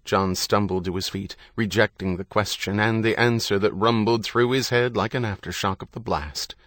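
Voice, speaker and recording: A man narrating an audiobook in a measured, grave reading. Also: fairly low pitch, fairly bright tone, dry recording, studio quality. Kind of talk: scripted narration.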